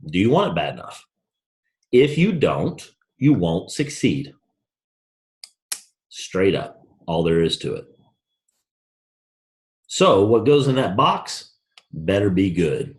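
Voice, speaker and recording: A man's voice: sing-song, takes it slowly, pauses often. A man giving a blunt, brash motivational talk, telling a story with a punchy, swinging delivery. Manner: blunt, brash, swings from low to shouted highs. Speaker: motivational speaker.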